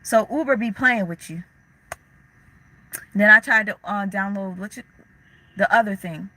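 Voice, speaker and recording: A woman's voice: mid-range voice, measured pace, pushed and bright, dry recording, low-quality recording. A young woman hosting a casual livestream, talking candidly in slang and answering viewers' chat comments as they come in. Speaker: livestream host.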